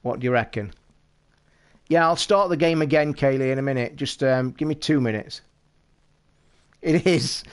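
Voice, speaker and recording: Chatting straight to his stream viewers, this British man talks casually and excitably, with a rushed edge and nonstop swearing. He speaks British English, comes from the United Kingdom, and has a typical mid-range male pitch.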